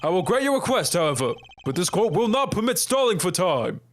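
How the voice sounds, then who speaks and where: A man's voice: high-pitched, sing-song, fairly quick. A man voicing a formal, fussy older male judge in a game fan dub. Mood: stern.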